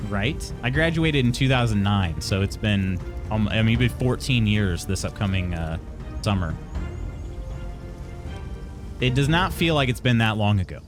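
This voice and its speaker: A man in his thirties talks with his stream chat in an easygoing way, with a strong vocal fry running through his words. He laughs a lot and often stops to restart a sentence. Soft music plays faintly behind him. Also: fairly low pitch, animated, moderate pace, long pauses. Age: 30s. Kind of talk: casual live-stream chat.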